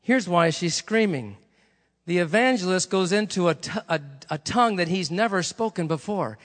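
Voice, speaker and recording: High, bright-voiced preacher in an echoing hall. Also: male voice, expressive, moderate pace. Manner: conversational storytelling, chatty asides. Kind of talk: sermon.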